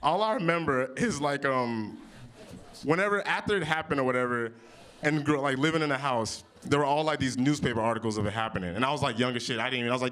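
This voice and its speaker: A man in his early thirties doing improvised stand-up comedy on audience topics, with big jumps in pitch when he quotes people. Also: fast talker. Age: 30s. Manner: animated, jumps high for quoted voices. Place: comedy club stage. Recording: live venue with audience.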